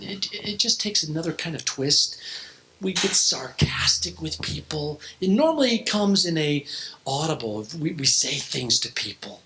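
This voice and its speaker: A middle-aged man preaching a sermon to a youth group in a church hall, telling stories with restarts and sudden drops to a hushed voice. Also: high-pitched. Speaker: pastor. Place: church hall, in front of students.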